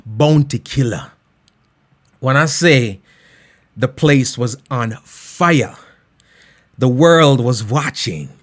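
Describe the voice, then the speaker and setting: A man hosting a casual live radio show, rambling playfully and shouting out listeners by name. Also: medium pitch. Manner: repeats "you know what I mean" often.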